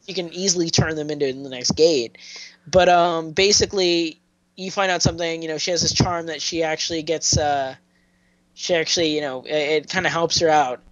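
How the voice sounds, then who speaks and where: A man co-hosts a casual review podcast, rambling through plot recaps full of fillers. His voice runs on the high side, a bit bright and steady in tone, and a little fast. The recording quality is low.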